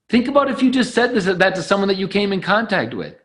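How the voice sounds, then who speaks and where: A man giving an energetic, preachy motivational training talk on a conference call, acting out sales conversations. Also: high-pitched, fast. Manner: energetic and preachy, acts out dialogues. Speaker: network marketing trainer.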